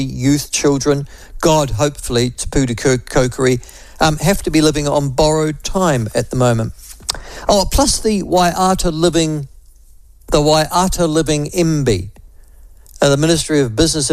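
A male talk radio host with a New Zealand accent delivers combative, sarcastic opinion, full of mocking asides and self-corrections. His voice sits in a middle pitch. The studio sound is dry and close. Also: a little mellow, no room sound. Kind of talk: opinionated political commentary.

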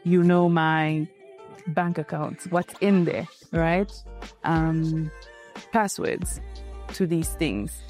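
Married woman guest, earnest and direct, low mellow voice, faint music underneath. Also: extremely slow. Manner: earnest, repeats key points, frequent "right?" tags. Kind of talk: candid conversational interview.

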